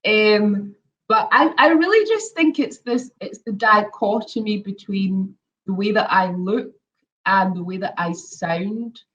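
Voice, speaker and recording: A woman's voice: medium pitch, unhurried, fairly bright tone. A woman from Scotland with an Edinburgh Scottish accent, a guest in a casual interview, chatty with many ums. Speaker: guest, former model. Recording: dull lo-fi audio.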